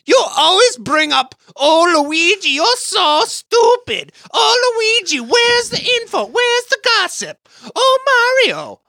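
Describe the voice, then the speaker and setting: A woman's voice: extremely high pitch, very animated, takes it slowly, few pauses, bright, forceful tone, no room sound, clean studio sound, heavily acted. A woman voicing a jealous adult male sidekick brother with a hammy put-on Italian accent, whiny and indignant. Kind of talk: improvised podcast parody.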